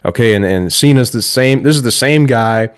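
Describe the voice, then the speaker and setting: A man's voice: mid-range voice, moderate pace, clean tone, no room sound, studio quality. A man hosting a podcast, sarcastically reviewing wrestling in casual chat and laughing often. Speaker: podcast host.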